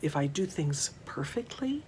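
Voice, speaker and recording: A middle-aged woman who works as a mental health counselor, giving a conference talk in a gentle, measured way with unhurried pauses. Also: low-pitched, big pitch swings, a little hiss or hum.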